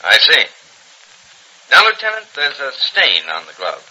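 An actor playing an insistent prosecutor questioning a witness in 1940s radio acting. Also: male voice, mid-range voice, huge pitch swings, a little slow, sharp tone, slightly rough, exaggerated voice, rough recording. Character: pressing prosecutor.

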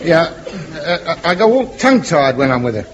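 Lovesick bashful fellow. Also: male voice, a little high, sing-song, brisk. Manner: mock-lyrical, sentimental gushing. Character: lovesick bashful man, cheeky and sentimental. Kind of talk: 1950s radio comedy acting. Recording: dull old radio broadcast with audience.

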